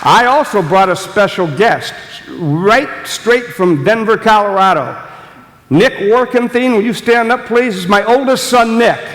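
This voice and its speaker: A man's voice: high-pitched, animated, unhurried, fairly bright tone, a faint crowd, slight background noise. An older man giving a jokey, audience-engaging business talk as guest speaker at a meeting. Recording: long echoey hall reverb.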